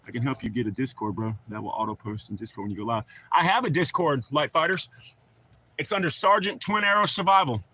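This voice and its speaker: Brisk, bright, and forceful, a mid-range male voice carries a casual livestream with a little hiss or hum in the background. The host rambles through long stories, swears freely, reads chat aloud, and calls his viewers brother.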